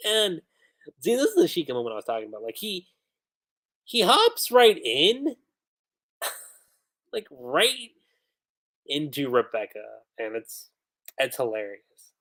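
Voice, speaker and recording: A manga reviewer recapping chapters on a casual livestream, chatty and full of fillers. The voice is animated in pitch, and laughs keep breaking in. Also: slow, long pauses.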